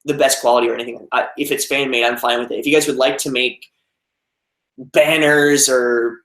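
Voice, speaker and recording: A man's voice: mid-range voice, flat delivery, rapid-fire, a bit bright. American man, young, casual live-stream chat, rambling with fillers, echoey room. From United States. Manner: rambling, many fillers and restarts. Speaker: vlogger reading live chat. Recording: roomy echo.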